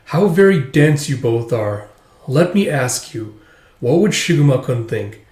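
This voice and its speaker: A man reading out the lines of a sly, condescending woman mentor in a slow, mocking way. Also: medium pitch, sing-song, darkish tone. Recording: roomy echo.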